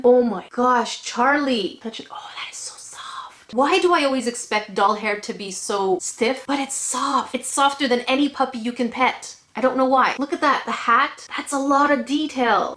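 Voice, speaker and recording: Bubbly craft vlogger lady, kinda high voice, gushes over gifts, roomy echo. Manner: gushing, excitable, gasps and laughs; salty ranting review. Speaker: craft video host. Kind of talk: casual unboxing chat. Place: home craft room. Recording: echoey room.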